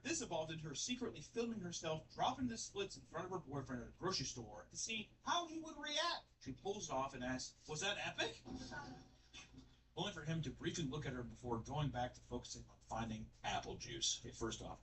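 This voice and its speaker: A man giving casual, joking reaction commentary on viral videos, swearing freely and acting out quotes. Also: a little high. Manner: profane, animated, joking. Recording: distant mic with steady background noise.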